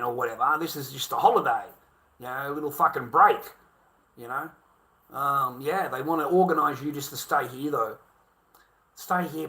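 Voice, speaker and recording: A man's voice: a little high, pushed and bright. Crude Australian man ranting. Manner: crude, swearing, repetitive, keeps saying mate. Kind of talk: casual rant.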